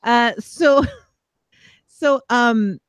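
A woman's voice: a little high, drawn-out words, smooth, no room sound, studio quality. A woman with a New York accent co-hosting a podcast, chatting casually and laughing easily. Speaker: podcast co-host. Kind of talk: casual chat.

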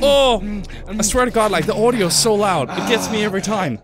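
A man's voice: high voice, a little fast, a crowd in the background. A man commentating a horror game, jumpy and joking, screaming and swearing at every scare. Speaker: gamer. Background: game music.

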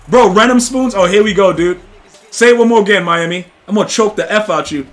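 A man with a high, bright voice runs live game commentary for his chat, trash-talking and shouting now and then. Light music plays behind him. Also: fairly quick. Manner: excitable, trash-talking, repeats "dude" and "bro"; bursts into loud shouting. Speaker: gaming streamer.

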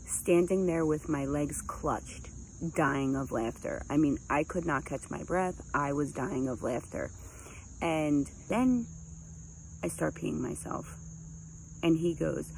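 A woman telling a crude, comic personal story in an animated, casual way into a phone. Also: deep voice, slow, vocal fry, slight background noise, low-quality recording.

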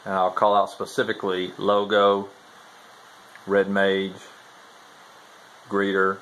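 A man's voice: fairly low pitch, completely flat delivery, slow, a bit bright, slight background noise, poor audio. A man talking casually to his camera while camped outdoors on a long hike, easygoing and chatty, saying "y'all" a lot. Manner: laid-back Southern-style talk with "y'all". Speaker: thru-hiker vlogger. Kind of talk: casual vlog chat. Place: outdoors at a forest trail shelter.

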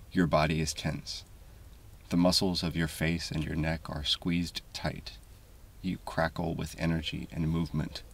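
A man narrating a scripted video essay voice-over in a calm, measured, deliberate way. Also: deep voice, vocal fry, slightly rough, recorded from a distance.

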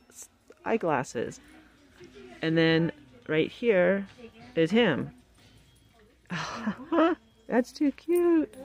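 A woman vlogging as she shops in a large store, talking excitedly and chattily about prices on a handheld phone. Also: sits low. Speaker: shopping vlogger. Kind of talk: casual shop-with-me commentary.

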